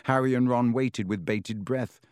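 A man narrating an audiobook in a measured, steady storytelling manner. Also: mid-range voice, smooth, dry recording, studio quality.

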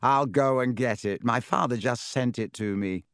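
A man's voice: medium pitch, normal speed, a bit bright, clean tone, no room sound, clean studio sound, close to an everyday voice. A man doing Malfoy, a sneering spoiled boy. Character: sneering spoiled schoolboy wizard, scornful and boastful.

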